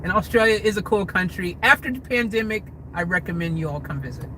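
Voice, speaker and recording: A man from the United States answers live chat during a livestream Q&A in his car, talking fast in a high, sharp voice. Poor audio carries a little hiss or hum, and he reads comments aloud before giving rambling, hedging answers full of restarts.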